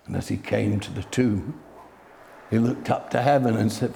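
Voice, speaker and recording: A man preaching a sermon slowly, building to loud, emphatic peaks. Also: lowish voice, vocal fry.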